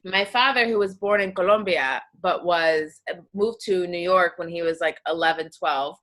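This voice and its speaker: A young American woman hosts a casual podcast interview. Her voice is bright and ringing. She tells stories in a chatty, meandering way, full of fillers. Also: lowish voice, moderate pace. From United States. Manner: chatty, animated storytelling with many fillers. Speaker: podcast host.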